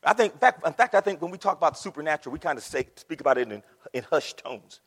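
A man preaching a sermon with fervour, calling out to his congregation and swinging from hushed to loud. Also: on the high side, big pitch swings, rapid-fire, husky, long reverb tail. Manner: calls out to the congregation. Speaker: pastor.

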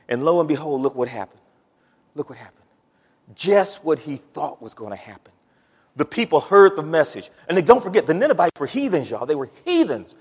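Animated preacher in a reverberant hall. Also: male voice, fairly high pitch, slightly rough. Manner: animated, swings from quiet to shouting, laughs between points. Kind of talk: sermon.

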